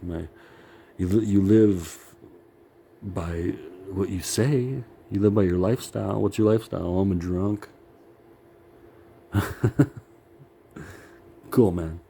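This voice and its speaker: A man's voice: on the low side, steady tone, measured pace, gravelly, pauses often, warm tone, a little hiss or hum. A middle-aged man rambling in a profane, self-critical monologue, laughing often and sounding worn out.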